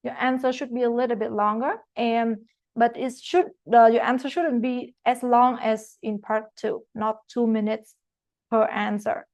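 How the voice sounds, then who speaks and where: Woman with a non-native accent running an online class, keeps asking okay?, kinda high voice. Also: flat delivery, a little slow, a little mellow, no room sound. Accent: non-native English. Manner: explanatory, frequent "okay?" check-ins and fillers. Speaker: IELTS teacher. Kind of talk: online masterclass lecture.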